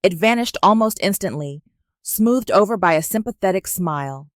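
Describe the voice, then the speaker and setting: A woman narrates a scripted, dramatic romance story, reading in a measured and even manner. Her voice sits fairly low, and the recording is dry and close, with no room sound.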